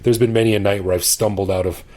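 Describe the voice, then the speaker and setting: A man's voice: on the low side, fairly even intonation, fast, mellow. A middle-aged man co-hosting a podcast, chatting casually and enthusiastically, often laughing and restarting phrases. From expat living in Bangkok. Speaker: podcast co-host. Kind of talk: casual chat.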